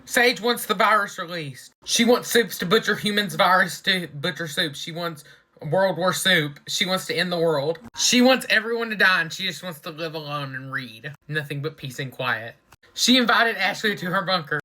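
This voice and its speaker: A speaker reacting to a TV episode in a casual running commentary, excitable and anxious, gasping and shouting at the big moments. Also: mid-range voice, moderate pace. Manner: excitable, gasps and shouts at surprises, keeps saying she's worried. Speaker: TV reaction reviewer.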